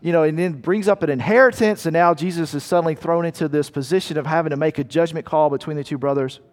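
A man's voice: on the high side, quick pace, big-room sound. A man preaching a sermon in a conversational way, asking his listeners rhetorical questions. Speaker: pastor.

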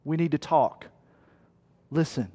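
Pastor, man, fairly high voice, earnest, emphatic, storytelling, long hall reverb. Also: slow pace, warm tone, husky. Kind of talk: sermon.

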